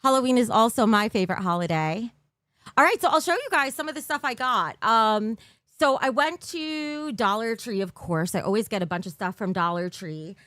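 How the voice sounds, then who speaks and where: High-voiced chatty woman streamer. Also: expressive, moderate pace, fairly bright tone, no room sound, studio quality. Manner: chatty and giggly, talking to viewers in the chat. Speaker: live streamer. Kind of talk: casual live-stream chat. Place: her bedroom streaming room, indoors. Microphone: desk mic for streaming.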